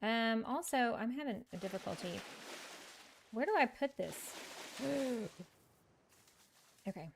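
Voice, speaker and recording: Streaming a game, this woman chats casually with her viewers, laughing often and making fun of herself. Her fairly high, expressive voice moves slowly with frequent pauses, and the background is noisy.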